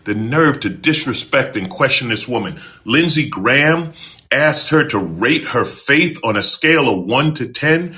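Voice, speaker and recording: A man's voice: medium pitch, pushed and bright. A man hosting a show, delivering a heated, profane political rant that stumbles over repeated words. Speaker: host.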